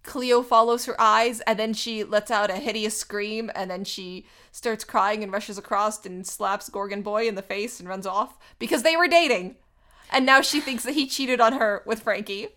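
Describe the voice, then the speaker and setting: A young woman casually retelling a movie plot, chatty and animated, full of "like.". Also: mid-range voice, normal speed. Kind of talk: casual movie recap chat.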